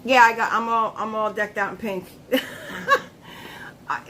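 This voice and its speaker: High-voiced bright woman chatting on her live stream, laughs a lot, bit of background hiss. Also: fairly even intonation, a little slow, poor audio. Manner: chatty, greets viewers by name, laughs often. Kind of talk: casual live-stream chat.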